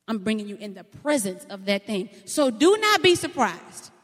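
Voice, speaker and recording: A woman preacher, delivering a sermon in a folksy, animated storytelling way. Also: mid-range voice, moderate pace. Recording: long hall reverb.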